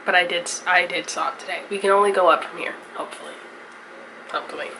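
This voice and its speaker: A woman's voice: on the low side, steady tone, quick pace. Chatty young woman vlogging, swearing. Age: young adult. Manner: chatty, swears casually, storytelling recap. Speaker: college student vlogger. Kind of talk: casual vlog. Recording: vlog with clear ambient noise.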